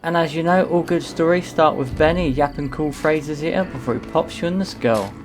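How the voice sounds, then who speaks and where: A man's voice: fairly high pitch, normal speed, music in the background. A young man giving cheeky, self-mocking commentary over gameplay footage. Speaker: gaming YouTuber.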